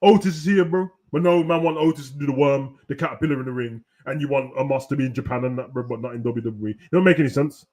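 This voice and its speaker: A young man hosting a casual, animated wrestling rant full of slang, at times breaking into shouts. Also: mid-range voice, quick pace, few pauses. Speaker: host. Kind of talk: casual ranting commentary.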